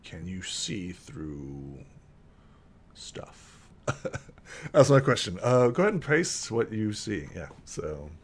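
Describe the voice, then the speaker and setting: A man's voice: on the low side, big pitch swings, a little hiss or hum. Casual man running a tabletop game. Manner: casual, filler-heavy narration with quick voice switches. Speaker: game master. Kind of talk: narrating a tabletop game and voicing characters.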